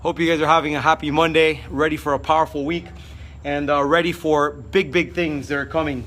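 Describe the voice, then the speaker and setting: Fired-up man with a bright voice. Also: fairly high pitch, a little fast. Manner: fired-up, energetic, with many fillers. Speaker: motivational speaker. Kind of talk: motivational vlog.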